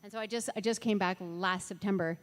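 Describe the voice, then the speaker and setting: A woman's voice: medium pitch, steady tone, fairly quick, big-room sound. A middle-aged woman from Ontario, a singer-songwriter chatting between songs on an outdoor festival stage, rambling with lots of fillers and laughs. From Ontario, Canada. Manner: rambling, laughs often, many fillers and restarts. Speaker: singer-songwriter performing live.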